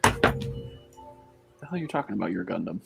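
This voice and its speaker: A man's voice: very animated, brisk, creaky, lo-fi sound, over loud music. A man chatting casually on a model-building livestream, laughing often and talking bluntly and crudely. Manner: laughing, blunt and crude, pitch jumps around. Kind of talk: casual chat.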